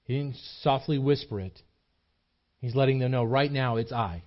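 In dull audio, a male pastor delivers a sermon to a small church at a normal speed in a mid-range voice. His delivery is earnest and emphatic, full of repetition and frequent restarts as each point builds.

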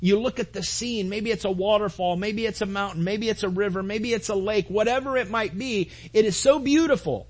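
A man's voice: high-pitched, steady tone, brisk, few pauses. A man preaching a sermon to his congregation, earnest, with repetitions and asides to the listeners. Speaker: pastor.

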